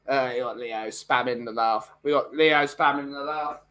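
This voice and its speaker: Chatty man, bright voice. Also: mid-range voice, moderate pace. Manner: rambling, chatty, many fillers. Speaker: live streamer. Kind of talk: casual live-stream chat.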